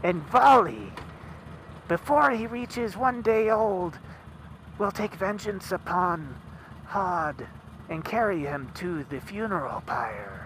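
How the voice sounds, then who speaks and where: A man voicing an ancient female seeress who speaks slowly and ominously, over car engine noise. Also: high voice, expressive, fairly bright tone, exaggerated voice. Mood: hushed.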